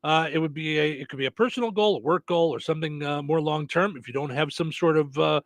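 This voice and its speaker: A man's voice: fairly high pitch, fast, no echo. Rambling male radio host, dry sound. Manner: rambling, many fillers and restarts. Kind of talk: casual morning radio chat.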